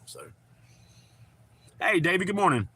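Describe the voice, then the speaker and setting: A man's voice: high voice, very animated, measured pace, pushed and bright. A man, chatting loosely and profanely with viewers on a live stream. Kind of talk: casual live-stream chat.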